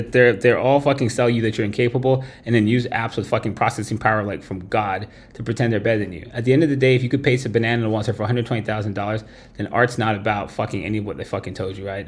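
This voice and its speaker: A man hosting a late-night livestream, ranting bluntly with constant swearing and tagging his points with "right?". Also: lowish voice. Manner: blunt, heavy swearing, tags lines with "right?". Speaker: livestream host. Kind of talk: profane late-night stream rant.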